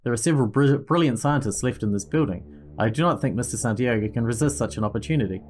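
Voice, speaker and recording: A man's voice: medium pitch, fast talker, a little mellow, close to an everyday voice. A man reading the lines of a polite, formal AI companion. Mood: calm. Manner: formal, careful phrasing. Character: polite AI companion, calls user teacher.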